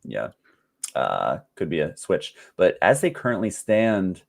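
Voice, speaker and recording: A man with a very low voice, talking as a guest expert on a podcast. He speaks in an easygoing way and sprinkles in plenty of "uh" fillers. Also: wildly swooping pitch, measured pace, gravelly. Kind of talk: casual chat.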